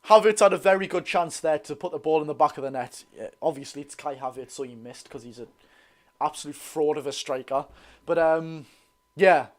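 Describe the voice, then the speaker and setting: A young man with a Geordie accent giving excitable, bantering live commentary on a football match while reading out viewer comments. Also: a little high, fairly quick. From North East England. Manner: excitable, banter-filled, reads chat aloud. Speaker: football channel host.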